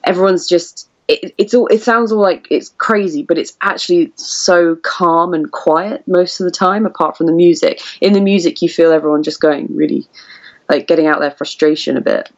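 A woman's voice: on the low side, normal speed, muffled recording. A young woman from the UK, a podcast guest chatting casually and emotionally, laughing often. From United Kingdom. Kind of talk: casual interview chat.

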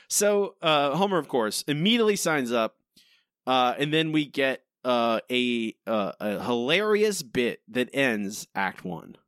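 A man's voice: mid-range voice, animated, a little slow, fairly bright tone, dry recording, studio quality. A man co-hosting a podcast, rambling and exasperated, asking why again and again. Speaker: podcast co-host. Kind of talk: casual critical chat.

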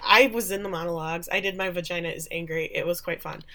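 A woman's voice: lowish voice, steady tone, quick pace, bright, forceful tone. A woman co-hosting a podcast, chattily recapping a TV episode and acting out the characters' lines. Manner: chatty, opinionated, acts out quoted lines. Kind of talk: casual recap chat.

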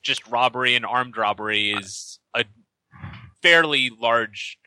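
A man's voice: medium pitch, a little slow, sharp tone, clean tone, no room sound, poor audio. A man guesting on a casual podcast, adding wry joking asides.

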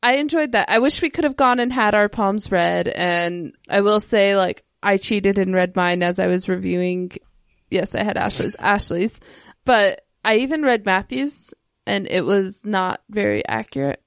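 A woman's voice: medium pitch, moderate pace, smooth, no echo, studio quality. Playful woman podcast co-host. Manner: playful, animated storytelling. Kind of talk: casual chat.

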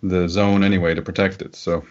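A man with a fairly low voice chats through a political podcast segment. He rambles and circles back with many fillers. The audio is dull and lo-fi. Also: flat delivery, brisk, darkish tone. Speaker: podcast co-host. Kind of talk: casual political podcast chat.

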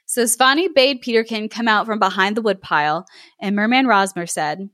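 A woman podcast host reading a folk tale aloud, giggling and adding lively asides. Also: medium pitch, moderate pace, dry recording, studio quality.

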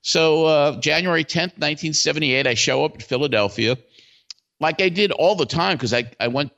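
A man in his sixties, a guest in an interview, telling stories in a lively way with many fillers and restarts. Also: a little high, normal speed, creaky. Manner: animated storyteller, full of fillers and restarts. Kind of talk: casual storytelling interview. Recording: dull lo-fi sound.

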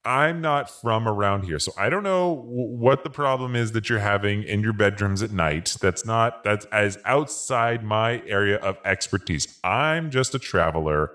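A man's voice: fairly low pitch, normal speed, hardly any pauses, a bit bright, natural voice. A man playing a flustered, stammering traveler. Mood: pleading. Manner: stammering, pleading, giggling through lines. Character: nervous male traveler, flustered and apologetic. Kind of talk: improvised comedy role-play.

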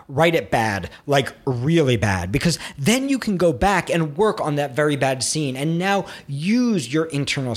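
A man gives a screenwriting lesson in a slightly husky voice. His pitch swings freely as he talks. He is expressive and animated, and now and then he acts out the nagging inner critic. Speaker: screenwriting teacher. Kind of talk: instructional talk to camera.

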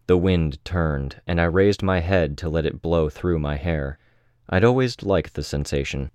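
Very deep-voiced man reading an audiobook. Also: a little mellow, no echo, studio quality. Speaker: audiobook reader. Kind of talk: first-person audiobook narration.

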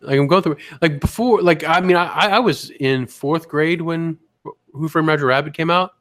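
A man's voice: a little high, moderate pace, a bit bright, dry recording. A man co-hosting a podcast in rambling casual chat, full of fillers and asides. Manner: rambling, lots of fillers, does voices. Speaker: podcast co-host.

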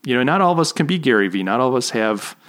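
A man hosting a podcast interview in a relaxed, chatty way. His voice sits at an everyday middle pitch and he jokes as he goes. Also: fast talker. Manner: chatty, laughs at own jokes. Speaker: podcast host. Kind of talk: casual interview chat.

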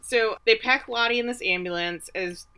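Bright-voiced woman with sarcastic recaps. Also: on the high side, moderate pace, clear, resonant tone. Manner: sarcastic, blunt commentary. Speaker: podcast co-host. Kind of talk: casual TV recap chat.

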